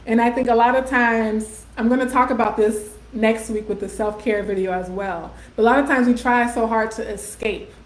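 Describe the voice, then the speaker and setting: A woman, hosting a casual live stream in a chatty way, often checking in with "right?" and "y'all" as she reads viewer comments aloud. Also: mid-range voice. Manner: warm conversational, frequent "um", "right?" and "y'all", laughs often. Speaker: host of a live video series. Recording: echoey room.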